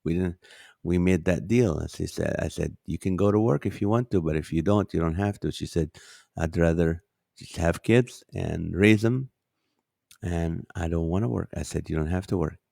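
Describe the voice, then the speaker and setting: Very deep-voiced man telling a story. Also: moderate pace, gravelly, dry recording, studio quality. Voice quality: relaxed, faith-centered storytelling. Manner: chatty, acts out quoted dialogue. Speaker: podcast host and comedian. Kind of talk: casual storytelling monologue.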